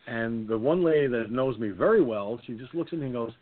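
Older man, talk host, lively storyteller, tinny phone-line sound. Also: brisk. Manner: comic anecdote teller, jumps into high silly voices. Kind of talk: casual storytelling chat.

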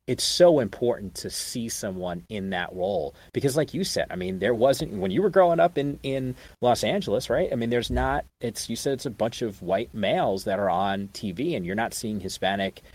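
A man's voice: mid-range voice, lively intonation, normal speed, hardly any pauses, a little mellow, no echo. A man hosting a podcast, talking earnestly in a casual interview. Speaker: podcast host.

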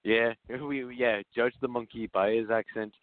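A man's voice: medium pitch, little pitch movement, normal speed, dry recording. A man co-hosting an online talk show in a put-on English accent, laughing often and swearing. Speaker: podcast co-host. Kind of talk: casual chat. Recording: dry, tinny phone-like line.

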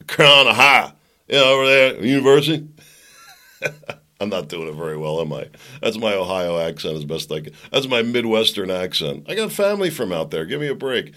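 A man's voice: sits low, sing-song, brisk, fairly bright tone. A man hosting his own podcast, giving casual solo commentary full of sarcastic asides and jokes. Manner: sarcastic, jokey, talks in asides. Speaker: podcast host.

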